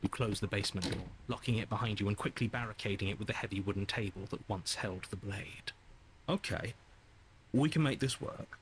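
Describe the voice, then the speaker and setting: An actor voicing a calm male narrator in a video game, speaking in measured second-person narration. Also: fairly low pitch, slight background noise, lightly acted.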